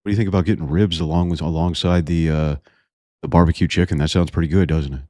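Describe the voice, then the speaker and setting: A man's voice: low-pitched, fairly even intonation, fast talker, a little mellow, dry recording, clean studio sound. A man hosting a livestream who reacts in a combative, sarcastic way and swears freely. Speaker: livestream host.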